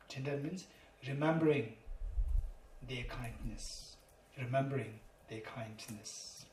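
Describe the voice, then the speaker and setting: In a mid-range, slightly mellow voice at a measured pace, a man delivers a dharma lecture. He's emphatic and repetitive in his Buddhist teaching, spelling out terms one letter at a time. Faint noise and a roomy sound point to a distant microphone.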